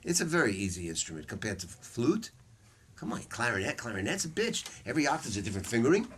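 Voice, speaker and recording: A man's voice: mid-range voice, sing-song, quick pace, a bit bright, husky. A man teaching a saxophone masterclass to students in a music store, telling stories bluntly and swearing freely. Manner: blunt, profane, storytelling.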